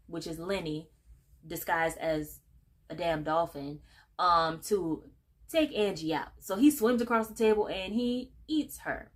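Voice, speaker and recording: A woman casually recapping a film plot in a chatty, sassy way, dropping quick paraphrased quotes. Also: medium pitch. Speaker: movie recap vlogger.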